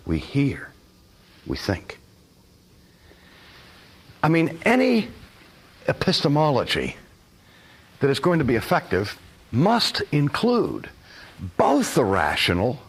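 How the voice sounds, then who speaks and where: An older man lecturing with a voice that rises and falls with animation. He sits a little high in pitch and slips into playful voices to act out his examples. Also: wildly swooping pitch, takes it slowly, pauses often, a bit bright, slightly rough. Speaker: teacher. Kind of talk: recorded lecture.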